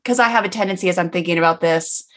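A woman's voice: lowish voice, very fast. A woman hosting a podcast, speaking in a candid, reflective, casual way. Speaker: podcast host. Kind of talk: casual conversation.

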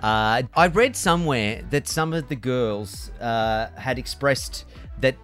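A man with an Australian accent hosting a radio interview, teasing and joking in quick playful chatter. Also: medium pitch, fairly bright tone, soft background music. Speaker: radio host.

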